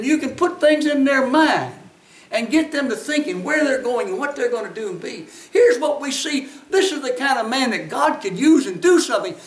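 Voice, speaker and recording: A man preaching a sermon in a folksy storytelling way, at times rising to emphatic shouts. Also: sits high. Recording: echoey, from a distance off the mic.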